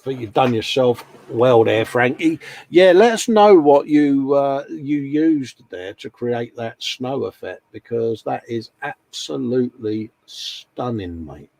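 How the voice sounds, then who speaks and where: A man's voice: mid-range voice, animated, slow pace, vocal fry, few pauses, darkish tone. A man hosting a casual live-stream chat, rambling and friendly, calling everyone mate. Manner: chatty, rambling, calls people mate. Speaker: host.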